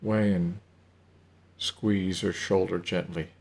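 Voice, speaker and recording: Slow, gravelly male narrator. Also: deep voice, level tone, a little mellow. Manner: unhurried reading with occasional slips. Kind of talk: storybook narration.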